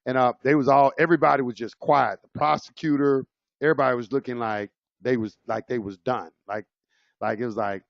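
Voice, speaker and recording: A man's voice: medium pitch, steady tone, fairly quick, vocal fry, no room sound, dull audio. A man casually telling his own courtroom story, rambling with many fillers and restarts. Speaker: speaker sharing his own experience.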